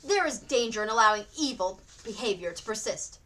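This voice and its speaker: A woman's voice: a little high, expressive, fairly quick, a bit bright, poor audio. A woman reading aloud voices a stern, harsh immigrant farmer father who barks orders and threats. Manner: gruff, commanding, threatening.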